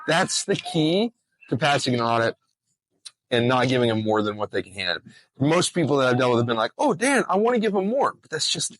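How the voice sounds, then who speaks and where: A man's voice: mid-range voice, fairly bright tone, dry recording. A man talking casually outdoors in a vlog, joking and digressing as he explains rules to his viewers. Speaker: trucking compliance host. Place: outdoors in bright sun.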